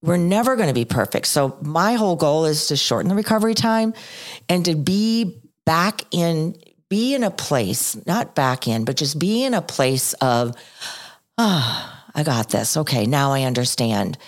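A woman's voice: on the low side, lively intonation, moderate pace. A middle-aged woman co-hosting a podcast, talking earnestly and reflectively, often repeating phrases for emphasis. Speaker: podcast co-host.

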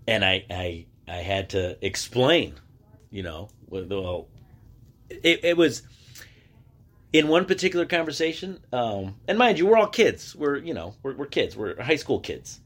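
A man's voice: on the low side, very animated, measured pace, a bit bright. A man hosting a solo podcast, telling stories in a loose conversational way, often restarting his sentences and acting out what other people said. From United States. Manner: conversational storytelling, acting out quoted voices; frequent restarts and filler words. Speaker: podcast host. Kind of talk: casual solo podcast monologue.

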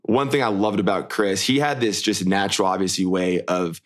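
A man's voice: low voice, fairly even intonation, normal speed. A young man co-hosting a casual chat, rambling with many restarts and fillers. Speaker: podcast co-host, former show lead.

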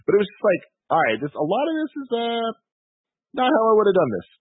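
A man co-hosting a podcast, thinking aloud about a film in a quick, chatty way. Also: sits high, sing-song, slightly rough, no echo. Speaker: podcast co-host. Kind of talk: casual film discussion. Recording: dry tinny phone-like sound.

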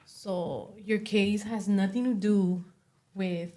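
A young woman speaking as an interview guest, giving a personal testimony in a soft voice full of "you know" and "like". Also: medium pitch, steady tone, slow pace. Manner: soft-spoken, many fillers like "you know" and "like".

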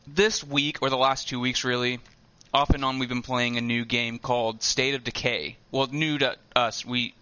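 A man's voice: mid-range voice, moderate pace, clear, resonant tone, dry recording. A man co-hosting a casual gaming podcast, telling stories and acting out what people said. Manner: animated storytelling, acting out quotes, laughing. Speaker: podcast co-host. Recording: dull lo-fi dry sound.

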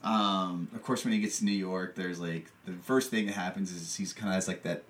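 A man's voice: low-pitched, fairly even intonation, brisk, fairly bright tone. A man chatting casually about a movie, rambling with lots of fillers and frequent laughter. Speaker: podcast co-host. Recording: distant mic with faint background noise.

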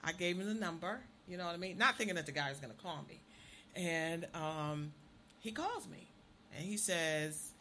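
A middle-aged woman co-hosting a talk show, telling stories in a lively way and laughing often. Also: fairly low pitch, moderate pace, a little hiss or hum. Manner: animated storyteller, laughs often. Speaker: radio show co-host. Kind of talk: casual chat, storytelling.

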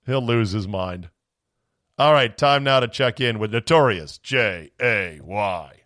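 A man's voice: fairly low pitch, animated, unhurried, dry recording. A man hosts a sports podcast in a sarcastic, indignant rant. His voice is strained from screaming. He sounds close and dry, with no room around him. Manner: sarcastic, indignant, swings into shouting. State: voice going from screaming. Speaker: podcast host. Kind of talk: ranting sports talk.

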